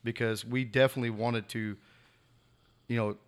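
Co-host, man, mid pitch, teasing, filler-heavy chat. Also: little pitch movement, moderate pace, clear, resonant tone. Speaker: podcast co-host. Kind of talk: casual chat.

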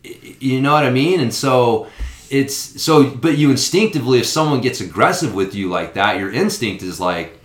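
A man's voice: medium pitch, animated, moderate pace. A man, a father, chatting casually and swearing freely, acting out quoted exchanges. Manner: profane, acts out quoted exchanges. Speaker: father of young kids. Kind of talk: casual chat. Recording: roomy echo.

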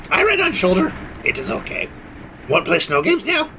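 High, jumpy tabletop kobold; broken-English chatter, noisy take. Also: male voice, huge pitch swings, a little fast, bright, forceful tone, heavily acted. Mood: eager. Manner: broken pidgin speech, squeaky yelps. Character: small excitable lizard kobold, broken speech. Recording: background noise.

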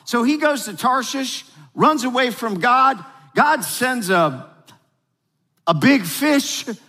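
A man preaching a sermon as pastor, energetic and emphatic, drawing the congregation into call-and-response. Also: very high-pitched, takes it slowly, in a large hall.

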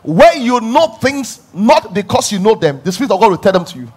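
A man's voice: high voice, a little fast, slightly rough. A man preaching a sermon, telling stories with lots of emphatic repetition and frequent laughter. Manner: emphatic, repeating phrases for stress; animated storytelling, often laughing.

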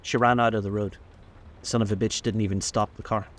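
A curt, businesslike male motorcycle policeman, read by a deep-voiced male narrator. He answers in clipped, matter-of-fact phrases, with his voice pitched low. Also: little pitch movement, a little fast, close to an everyday voice.

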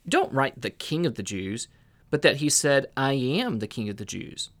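A man voicing an angry crowd of men, loud and insistent, during a scripture reading. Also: medium pitch, big pitch swings, normal speed.

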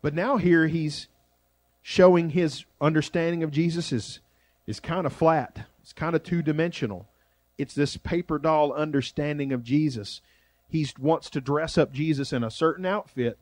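A man preaching a sermon as pastor, shifting between loud emphasis and quiet, drawn-out phrases. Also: on the high side, no room sound.

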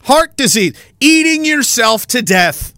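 A man rants crudely on his podcast, swearing and mocking as he goes. His voice sits high and bright, with a sharp edge. The recording is dry and close. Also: big pitch swings, takes it slowly, no echo. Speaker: podcast host. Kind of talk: ranting commentary.

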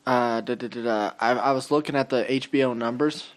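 A young man talks in loose podcast chat, wandering through his points with lots of "um" and trailing off, and swearing along the way. His voice sits at an average pitch for a man. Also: a little fast. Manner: rambling and profane, trails off with fillers. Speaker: podcast co-host. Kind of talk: casual chat.

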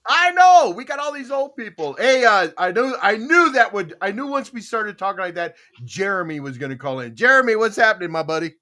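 A man in his seventies runs a casual podcast panel with excitable, emphatic energy. His voice sits high and swings widely in pitch. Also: a little fast, few pauses. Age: 70s. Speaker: podcast host.

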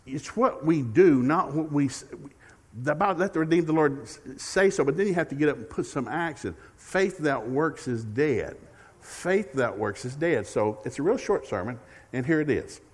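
A middle-aged male preacher with a somewhat high voice. He delivers a folksy, humorous sermon that swings from loud, emphatic exhortation to quiet, confiding asides. His voice rings out through a church sanctuary with a long, trailing reverb. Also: animated, brisk, husky. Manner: folksy, humorous, repeats key phrases. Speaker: guest preacher.

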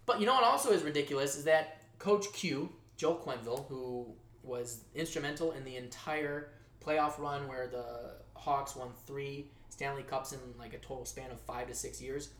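A man hosting a casual news-style show, jokey and animated, his voice jumping from loud outbursts to quiet asides. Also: medium pitch, moderate pace. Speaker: show host. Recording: echoey room.

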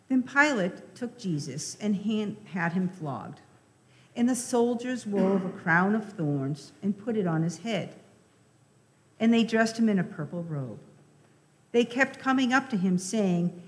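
Slow-reading woman lector in a church. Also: lowish voice, animated, a bit bright. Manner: measured, deliberate reading. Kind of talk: scripture reading. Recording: reverberant church hall.

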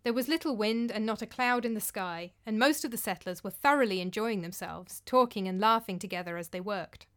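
A woman's voice: mid-range voice, fairly quick, hardly any pauses, a bit bright, clean tone. Woman reading a storybook tale. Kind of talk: storybook narration.

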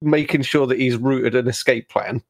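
A man's voice: medium pitch, fairly even intonation, normal speed. A man narrating a tabletop game scene in an easygoing way.

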